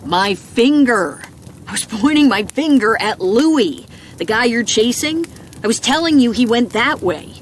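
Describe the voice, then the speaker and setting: A man's voice: very high voice, lively intonation, a little slow, a little hiss or hum, voice pushed up. A woman voicing a chatty, wisecracking grown man who grumbles and jokes in a storybook reading. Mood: defensive. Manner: jokey, grumbling, talkative.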